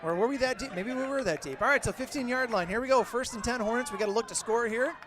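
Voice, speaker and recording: A middle-aged man calling a local high school football game as play-by-play announcer, openly rooting for the home team and shouting on big plays. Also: fast talker. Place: outdoors at a football field. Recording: crowd and outdoor noise behind. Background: crowd noise from the stands.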